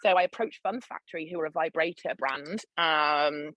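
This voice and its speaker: A woman in middle age, a podcast guest, telling her story in animated, candid chat with frequent laughter and swearing. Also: low-pitched, moderate pace, low-quality recording. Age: 40s. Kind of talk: casual interview chat.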